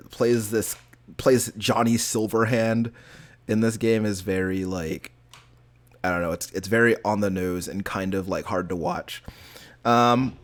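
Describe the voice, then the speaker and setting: A man co-hosting a podcast, chatting casually about video games and rambling with lots of filler words. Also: medium pitch. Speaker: podcast co-host.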